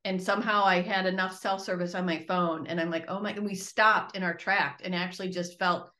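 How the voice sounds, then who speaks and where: A woman's voice: lowish voice, fairly even intonation, fairly quick, bright, forceful tone. A woman co-hosting a podcast, speaking plainly and often trailing off with a sigh. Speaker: podcast co-host. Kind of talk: casual reflective chat.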